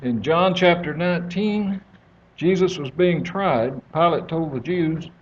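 Man, texan accent, church guest speaker, joking storyteller, slightly high voice, muffled lo-fi sound, faint hiss. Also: measured pace. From East Texas. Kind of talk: folksy sermon with a joke. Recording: dull lo-fi audio with faint hiss.

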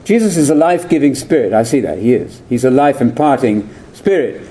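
Older man, theological lecture, lively pitch swings, mellow dark tone, rhetorical questions. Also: a little fast. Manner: animated, digressive, rhetorical questions.

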